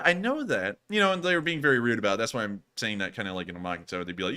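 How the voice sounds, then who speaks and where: A man's voice: a little high, very fast, few pauses. A man hosting a live news stream, talking casually and mocking critics. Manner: animated, mocks critics in a raised voice. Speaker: host of a war news stream.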